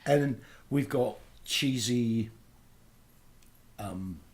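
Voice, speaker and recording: A man draws out his words in a mid-range voice, playing a boastful aging British punk singer with a Liverpool accent guest hosting a radio show. The comic chat rambles hesitantly, thick with fillers, and bursts into loud ranting.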